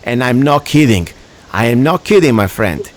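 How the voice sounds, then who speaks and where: A man's voice: medium pitch, expressive, moderate pace. A man with an Italian accent hosting a radio talk show, ranting emphatically in broken English. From Italy.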